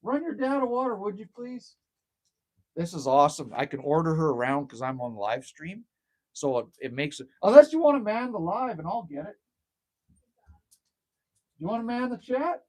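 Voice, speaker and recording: With a voice that sits high and has a darkish tone, this man talks at normal speed with big pitch swings and long pauses. He's a middle-aged Canadian livestream host outdoors at a cabin, using his phone, rambling and ranting, swearing freely and reading viewers' comments aloud.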